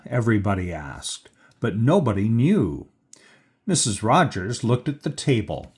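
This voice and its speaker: A man reading a children's picture book aloud, slow and lively, lifting his pitch for the characters' lines. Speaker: storybook reader.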